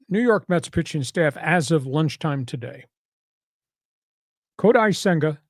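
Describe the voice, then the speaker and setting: A man's voice: fairly high pitch, dry recording, studio quality. A man hosting a sports talk podcast in a casual, brash and sarcastic way, with punchy delivery.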